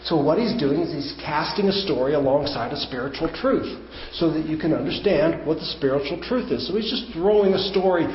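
A man's voice: on the high side, fairly quick. Man, pastor, teaching sermon, patient explaining, emphatic questions, echoey room, dull sound, faint hiss. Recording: roomy, dull church recording.

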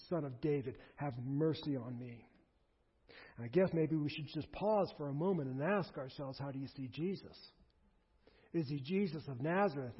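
A man preaching a sermon in an earnest, exhorting manner, addressing his congregation directly. His voice is husky and a little high. The recording sounds dull and lo-fi. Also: long reverb tail.

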